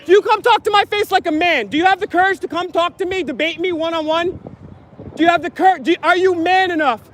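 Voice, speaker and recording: A man filming on his phone outdoors, loudly heckling and taunting officials with repeated insults. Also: extremely high pitch, a little fast. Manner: mocking, repetitive insults. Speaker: YouTube auditor filming officials. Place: outdoors at a public event. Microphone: handheld phone camera.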